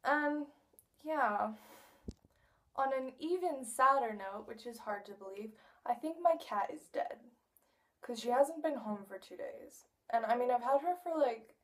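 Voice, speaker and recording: A woman's voice: fairly high pitch, animated, a little slow, far from the mic. A teenage girl giving a casual video message to a friend, chatty and rambling, often laughing as she talks. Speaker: vlogger addressing a friend.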